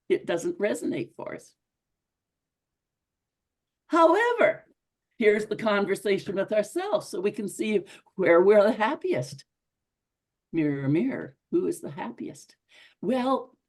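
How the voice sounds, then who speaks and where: Husky woman giving an earnest talk. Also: mid-range voice, darkish tone. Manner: earnest, repetitive, conversational. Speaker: speaker at a women's club. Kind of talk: motivational talk to a group.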